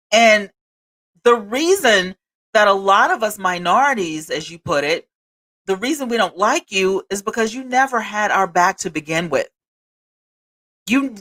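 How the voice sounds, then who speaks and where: Emphatic woman ranting on a live stream. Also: mid-range voice. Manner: emphatic, animated, repeats lines for effect. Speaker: host. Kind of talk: live-stream political commentary.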